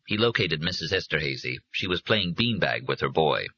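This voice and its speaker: Husky low-voiced man reading a story. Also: lively intonation, normal speed, bright, forceful tone, no room sound. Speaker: audiobook reader. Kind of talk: scripted narration. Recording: dry, dull lo-fi recording.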